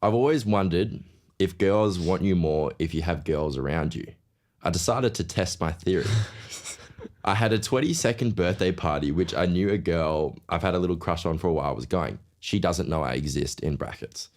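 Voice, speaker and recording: A man's voice: sits low, normal speed, a little mellow. A young man, a podcast co-host reading listener stories aloud in a casual way. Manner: reads aloud with laughs.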